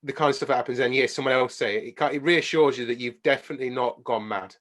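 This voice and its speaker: A man, a podcast guest, telling animated travel anecdotes in casual chat. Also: mid-range voice, quick pace. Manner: animated anecdotes, hums tunes.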